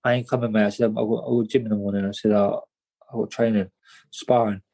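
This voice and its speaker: A man's voice: on the low side, little pitch movement, fast, creaky, mellow, low-quality recording. A young man, a boxer talking as a podcast guest in casual storytelling, rambling and repeating himself with lots of "mate". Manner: rambling, repeats words, many "mate" and "do you know what I mean".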